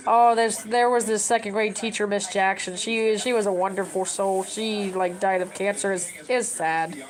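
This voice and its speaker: A woman's voice: medium pitch, fairly even intonation, moderate pace, poor audio. Chatty woman rambling to her camera. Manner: chatty, advice-giving, rambling with restarts. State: tearful. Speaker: vlogger. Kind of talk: casual rambling talk to camera.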